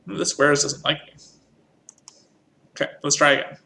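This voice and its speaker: A man's voice: on the high side, steady tone, moderate pace, vocal fry, sharp tone, a little hiss or hum. A man teaching a music lesson, patiently explaining rhythm and counting in. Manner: patient, counts in and sings along.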